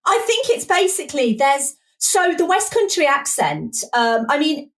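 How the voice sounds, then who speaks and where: An English woman with a Midlands accent, a podcast guest chatting casually, animated and laughing as she quotes lines. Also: high-pitched, measured pace. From England. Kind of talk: casual chat.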